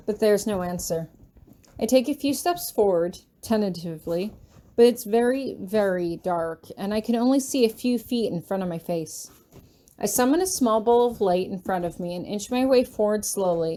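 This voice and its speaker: Woman narrator for a read-aloud story, first person, warm mellow voice, steady and even. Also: mid-range voice. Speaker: fanfiction reader.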